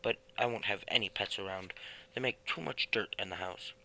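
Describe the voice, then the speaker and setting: A man's voice: lowish voice, normal speed, creaky, heavily acted, rough recording. A man voicing a thrifty, worried middle-aged housewife in a storybook, speaking sharply and a little cross. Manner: sharp, scolding.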